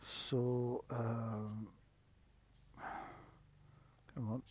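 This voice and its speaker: A man's voice: mid-range voice, flat delivery, very slow, mellow. A man acting as game master, checking rules and narrating results with frequent hesitations. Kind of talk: running a tabletop game.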